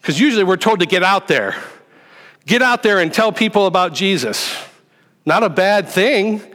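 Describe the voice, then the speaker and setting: A man's voice: high voice, animated, normal speed, a bit bright. A man preaching a sermon as pastor, teaching in a conversational way with rhetorical questions to the congregation. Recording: long hall reverb.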